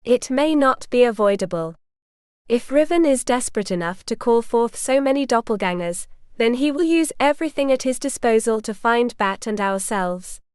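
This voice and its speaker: A woman's voice: a little high, expressive, normal speed, darkish tone, smooth, dry recording, clean studio sound, lightly acted. A woman voicing an ancient, stern male vampire who speaks in stiff, formal sentences without contractions. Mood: grave.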